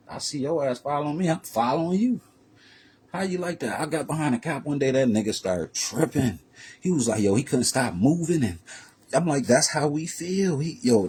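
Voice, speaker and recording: A man vlogging a profane, heated street-talk rant that swings from low muttering to loud raised bursts. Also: a little hiss or hum.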